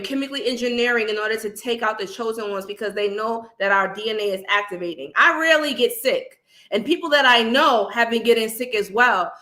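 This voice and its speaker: A woman with a bright, high-set voice, a little stuffy and nasal from a cold. She talks live to her chat like a rousing preacher, keeps calling her viewers family, and pushes each point with conviction. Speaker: spiritual channel host. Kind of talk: livestream talk to viewers in chat.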